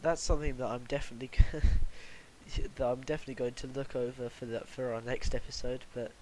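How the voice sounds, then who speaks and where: A young man hosts a loose podcast chat, rambling through his points and laughing often. His pitch sits in the middle range. A faint hiss runs under the recording. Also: little pitch movement, brisk, darkish tone, low-quality recording. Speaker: podcast host. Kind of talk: casual chat.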